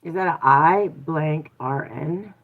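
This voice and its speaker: A woman with a deep, low voice talks casually from home, laughing easily and stopping now and then to give her child firm little instructions. The sound is thin and tinny, like it is coming through a phone. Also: takes it slowly. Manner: playful, laughs often, breaks off to correct her child. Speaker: channel host and mother. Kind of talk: casual live chat.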